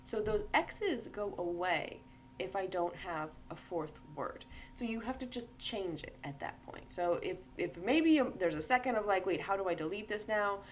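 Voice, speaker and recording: A woman's voice: medium pitch, lively intonation, a little slow, a little hiss or hum. A woman, founder of a game-making tool, giving a casual screen-share tutorial, chatty and often checking in with "right?".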